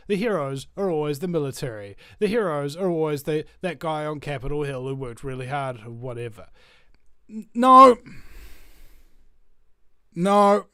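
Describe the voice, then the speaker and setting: Animated Kiwi man ranting on his show. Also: high voice, no echo. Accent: New Zealand. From New Zealand. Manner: rambling, restarts and swings from loud to muttered. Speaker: talk show host. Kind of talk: animated monologue.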